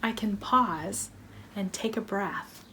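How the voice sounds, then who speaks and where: A woman's voice: medium pitch, takes it slowly, pushed and bright, a little hiss or hum. A woman from a wellness team telling a playful teaching story, acting it out with props and little voices. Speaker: wellness educator. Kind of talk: storytelling lesson.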